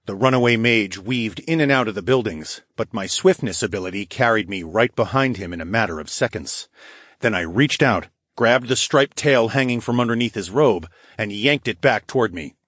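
Husky-voiced man narrating a fantasy audiobook. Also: lowish voice, normal speed, dry recording, studio quality. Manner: gruff, profane and animated. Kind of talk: first-person fantasy narration.

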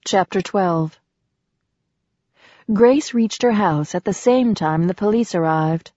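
A woman reading a romance novel aloud in a steady storytelling voice. The recording is dry with a slightly dull tone. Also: medium pitch, takes it slowly, no room sound. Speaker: audiobook narrator. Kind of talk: scripted narration.

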